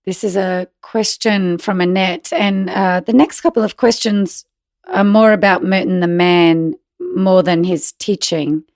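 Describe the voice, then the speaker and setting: A woman co-hosting a spiritual podcast, telling a personal story in a relaxed way with fillers. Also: on the low side, unhurried, no echo, clean studio sound. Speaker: podcast co-host. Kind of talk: casual conversation.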